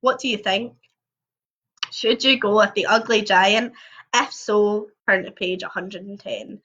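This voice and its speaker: Bright chatty woman reading aloud. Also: medium pitch, steady tone, a little slow, slightly rough. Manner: chatty, jokey asides between passages. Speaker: storybook reader on a livestream. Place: home. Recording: dull lo-fi livestream audio.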